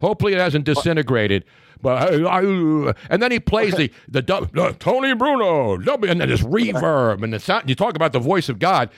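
An older man from Philadelphia hosting a sports radio show, joking and bantering quickly with his guest. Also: a little high, sing-song, gravelly, dry recording. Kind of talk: casual radio talk.

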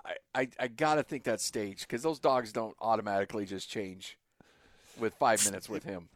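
A man's voice: lowish voice, fairly even intonation, moderate pace, no echo, studio quality. A man co-hosting a casual talk show, teasing his partner and asking skeptical questions. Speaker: radio co-host. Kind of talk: casual chat.

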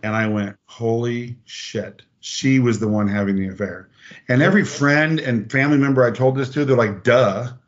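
A man telling personal stories in a casual podcast chat, animated and blunt, acting out quotes and swearing freely. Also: medium pitch, a little fast, highs cut off. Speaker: podcast guest.

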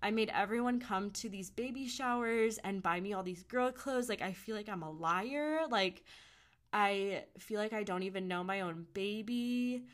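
A woman's voice: medium pitch, normal speed. A young woman, a podcast guest, telling a personal story in a chatty way, full of "like" and acted-out quotes. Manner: chatty, heavy use of "like", quotes others in lively voices. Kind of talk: casual storytelling.

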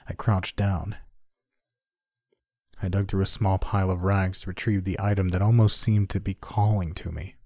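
A man reading a first-person horror story aloud in a measured, deliberate way. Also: sits low, dark tone, no room sound, clean studio sound. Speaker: narrator. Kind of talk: scripted horror story narration.

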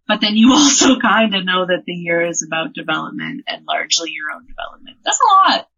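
A woman's voice: fairly low pitch, fairly even intonation, brisk, vocal fry, a bit bright, lo-fi sound. A woman co-hosting a sports podcast in casual chat, playful and self-mocking, with emphatic turns.

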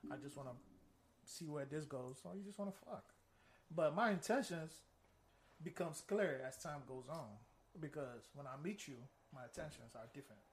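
A man in his late twenties in a casual chat, talking bluntly and crudely with lots of animation. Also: on the high side.

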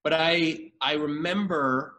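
A man's voice: fairly high pitch, slow, sharp tone, poor audio. A man in his thirties, a podcast guest, chatting casually and telling stories, with many restarts. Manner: rambling storyteller with many restarts. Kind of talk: casual chat.

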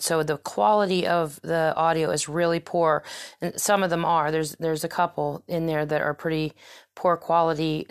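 This is a woman hosting her own show, speaking into a cell phone in a low register. Her voice is smooth and clear. She rambles, restarts, and sounds easygoing. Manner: rambling, with many restarts and soft asides. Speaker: podcast host. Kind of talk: casual spoken update to listeners.

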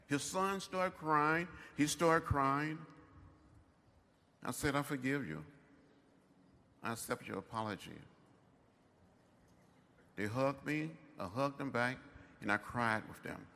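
An older man delivers a ceremonial speech at a university gathering. His voice sits a bit high and bright, rising and falling widely in a rhythmic, repeating preacher's cadence. A long hall echo trails every phrase. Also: animated, a little slow, long pauses. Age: 70s. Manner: orator's rhythmic cadence with emphatic repetition. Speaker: commencement speaker. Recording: echoey large hall.

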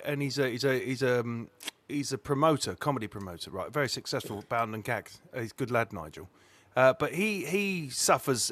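A man co-hosting a podcast, telling an anecdote in casual chat with animated laughter. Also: medium pitch, no room sound. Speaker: podcast co-host.

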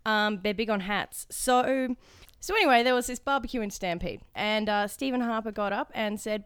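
A woman's voice: medium pitch, moderate pace, fairly bright tone, clean tone, dry recording. A woman with an Australian accent, a legislature reporter, recapping events with wry jokes on a studio panel. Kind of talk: panel discussion.

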